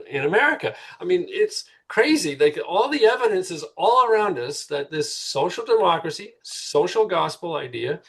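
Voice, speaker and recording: Gravelly-voiced man making an earnest case. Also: a little high, a bit bright. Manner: earnest, repeats words when building a point. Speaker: guest author. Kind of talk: conversational podcast interview.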